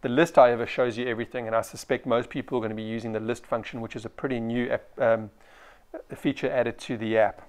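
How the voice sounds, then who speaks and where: A man's voice: medium pitch, flat delivery, fast talker. A man from South Africa, a photographer, talking through a product review in a casual way with frequent ums and restarts.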